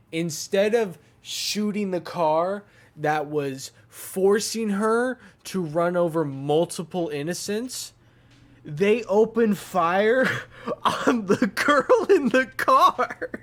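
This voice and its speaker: A man hosting a gaming channel, giving sarcastic, wry commentary over his own gameplay. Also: high-pitched.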